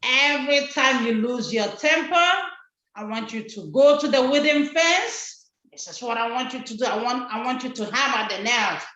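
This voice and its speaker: A woman voicing a patient father in a children's story, speaking gently and firmly. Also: on the high side, normal speed, reverberant, highs cut off. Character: patient father teaching his son.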